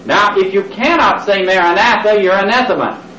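A man's voice: sits high, moderate pace, pushed and bright, slight background noise. A man preaching a sermon to a congregation, getting them to repeat words aloud and tossing in jokey asides. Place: church hall with congregation. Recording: echoey, distant, lo-fi cassette recording.

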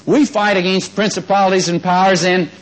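A man's voice: sits high, little pitch movement, brisk, low-quality recording. A man preaching a sermon, folksy and conversational, often asking the congregation questions and having them repeat words back. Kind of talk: sermon with congregation call-and-response.

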